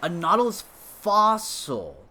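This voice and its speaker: A man's voice: high voice, wildly swooping pitch, slow, pushed and bright. A man in his thirties chatting casually while playing a farming game, rambling and joking with many fillers. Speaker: gaming video host.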